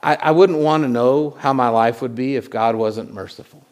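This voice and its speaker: Guy preaching a sermon, chatty, stumbles and repeats words, goes loud then real quiet. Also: medium pitch, moderate pace. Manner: conversational, repeats words, swings from loud to hushed. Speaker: pastor.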